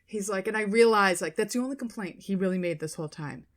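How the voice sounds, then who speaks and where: A woman co-hosting a podcast, telling a story in casual chat, animated and swearing as she quotes people. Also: medium pitch, fast. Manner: animated retelling, swearing, quoting people in their voices. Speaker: podcast co-host.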